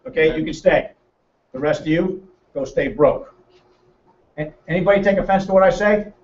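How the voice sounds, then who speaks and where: Brash male presenter, high voice, teasing a crowd; captured from across an echoey room, dull sound. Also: normal speed, a little mellow. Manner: brash, joking, teasing the audience. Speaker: financial seminar presenter. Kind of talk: lively seminar talk to a room. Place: meeting room with an audience. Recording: roomy, distant, muffled room recording.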